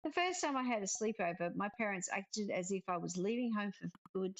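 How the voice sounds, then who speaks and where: A woman playing a visual novel and reading its text and every character aloud in a lively way. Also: medium pitch, a little fast, no room sound, soft background music. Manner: lively, reads every part. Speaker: game streamer.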